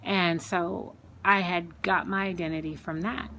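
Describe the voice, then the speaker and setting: A woman with a slightly low voice tells her personal faith testimony, unscripted and earnest. She circles back, repeats words and leans on fillers as she talks. A faint ambient hum sits under the recording. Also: fairly even intonation, unhurried, sharp tone. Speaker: Christian speaker sharing her testimony.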